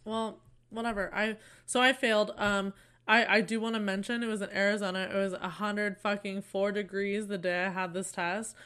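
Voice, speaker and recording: A young woman chatting on a podcast while a little drunk. She tells stories in a loose, laughing way and swears often. Her voice sits at a medium pitch. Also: flat delivery, normal speed, fairly bright tone, smooth. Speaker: podcast co-host. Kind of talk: casual chat.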